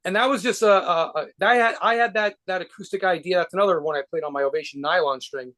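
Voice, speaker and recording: High-voiced New rocker rambling. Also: male voice, fast talker, fairly bright tone. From New York. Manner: rambling, profane, with frequent restarts and laughs. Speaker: guitarist and band leader being interviewed. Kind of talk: casual interview.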